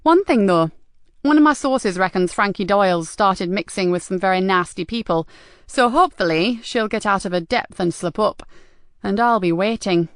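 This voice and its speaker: A woman voicing a tough, blunt female detective inspector who talks in a forceful, no-nonsense way. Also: medium pitch, moderate pace, clear, resonant tone, no echo, clean studio sound, lightly acted. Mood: brisk.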